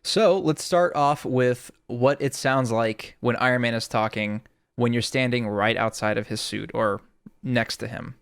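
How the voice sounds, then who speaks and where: A man's voice: medium pitch, unhurried, clean tone, no echo. A man giving a casual audio tutorial, explaining in a laid-back way with lots of "sort of", close to a studio microphone. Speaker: music producer explaining sound design.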